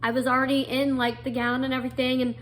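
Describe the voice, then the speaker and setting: A woman's voice: high voice, flat delivery, fast talker, fairly bright tone, a little hiss or hum. A young adult woman earnestly telling a personal story, full of fillers and restarts. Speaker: guest telling her story.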